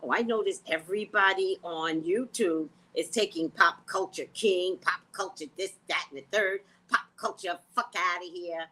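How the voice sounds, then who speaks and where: A woman's voice: on the low side, normal speed, hardly any pauses. A woman psychic hosting her own vlog, rambling bluntly and casually. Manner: animated, blunt, sings and repeats phrases.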